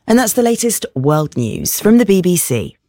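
A newsreader reading a world news bulletin in a steady, formal delivery. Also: medium pitch, normal speed, background noise.

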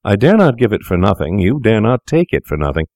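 A man doing a smooth, coaxing young doctor. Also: lowish voice, sing-song, fairly quick, a little mellow, no room sound, studio quality, voice pushed up. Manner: smooth, persuasive, lecturing. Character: cool, coaxing young male doctor, sinister.

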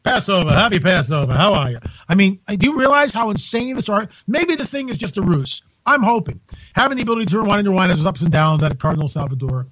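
A male radio host with a high voice, chatting live on air in a loose, joking way and often restarting his sentences. The sound is close and dry, with no room echo. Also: quick pace. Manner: joking, animated, with frequent restarts. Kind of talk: casual live radio talk. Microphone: studio microphone on a live radio broadcast.

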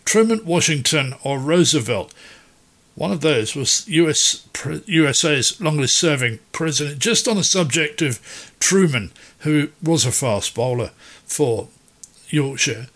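A man's voice: on the high side, lively intonation, unhurried, fairly bright tone. Rambling man hosting a quiz. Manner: rambling, jokey, wanders off topic. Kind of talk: casual on-air chat.

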